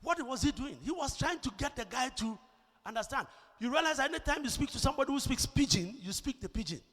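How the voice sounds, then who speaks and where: A man from Ghana with a Ghanaian English accent, preaching a sermon with emphatic, swelling delivery that rises to shouts on key points and repeats words as he starts a thought. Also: extremely high pitch, expressive, fast talker. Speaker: pastor. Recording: long reverb of a large church hall.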